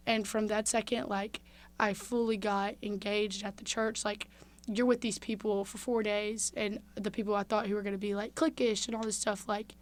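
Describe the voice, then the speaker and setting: Young woman telling a story on a podcast, heartfelt, lively, gets hushed and soft at times. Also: mid-range voice, normal speed. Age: young adult. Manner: heartfelt, animated, drops to a hush at tender moments. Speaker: guest. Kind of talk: casual interview storytelling.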